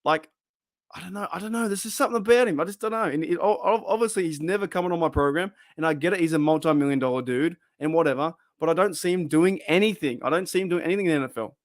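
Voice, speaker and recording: An Australian man hosting a live fan stream, his voice sitting a little high for a man. He rambles, laughs often and restarts his sentences mid-thought. The sound is close and dry, with no room around it. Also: fast talker, no echo. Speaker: fan channel host. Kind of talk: casual live-stream chat.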